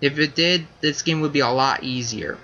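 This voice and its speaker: A man's voice: on the high side, moderate pace, bright, forceful tone, muffled recording, slight background noise. A young man giving casual, rambling let's-play commentary, often correcting himself as he goes. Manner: rambling, self-correcting, chatty. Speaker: gaming channel host.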